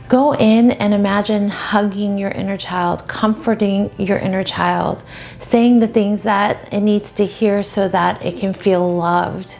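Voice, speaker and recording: A woman dating coach giving advice straight to the viewer in a gentle, encouraging way. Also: medium pitch, steady tone, measured pace, creaky. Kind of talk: advice talk to camera.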